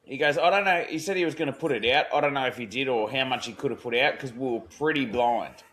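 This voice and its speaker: A man's voice: mid-range voice, fast talker, fairly bright tone, slight background noise. An Australian man spins a long yarn on a podcast, full of slang and swearing. He acts out what each person in the story said. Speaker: podcast co-host. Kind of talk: casual storytelling chat.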